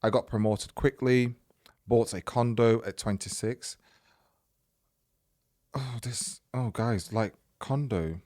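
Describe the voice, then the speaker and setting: A man's voice: mid-range voice, takes it slowly, long pauses, darkish tone, no echo, studio quality. A young man hosting a podcast, reading a listener's story aloud in a casual, chatty way and often breaking off to comment.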